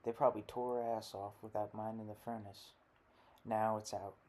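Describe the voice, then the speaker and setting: A man reading the part of a rough, bitter rural father, with gruff, blunt folksy talk. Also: on the low side, little pitch movement, moderate pace, warm tone, natural voice. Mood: grudging.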